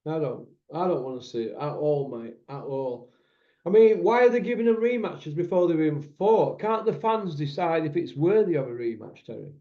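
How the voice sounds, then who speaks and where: A man's voice: a little high, expressive, normal speed, mellow. A man, hosting a casual chat and telling candid, rambling stories with banter. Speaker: podcast host. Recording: echoey room, dull lo-fi sound.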